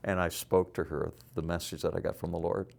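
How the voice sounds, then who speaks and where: Older male guest, very low-pitched, earnest and halting testimony. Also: flat delivery, vocal fry, a little mellow. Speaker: guest, business leader. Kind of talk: personal storytelling.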